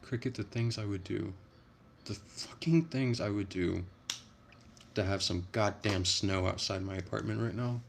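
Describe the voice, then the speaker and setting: Deep gravelly man chatting casually. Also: measured pace, a little hiss or hum. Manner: rambling, profane, frequent restarts. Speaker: livestreamer chatting with viewers. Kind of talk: casual livestream chat.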